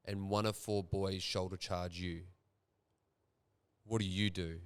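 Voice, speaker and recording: A man hosting a podcast, chatting in a relaxed, blokey way and posing hypothetical questions to his guest. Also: low-pitched, takes it slowly, clear, resonant tone. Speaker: podcast host. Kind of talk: casual podcast chat.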